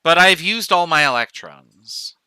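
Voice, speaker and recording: Bright, crisp-voiced man lecturing. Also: a little high, animated, measured pace, no room sound. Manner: talks through steps aloud, counting dots, with self-corrections. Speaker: chemistry professor. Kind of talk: recorded lecture walkthrough.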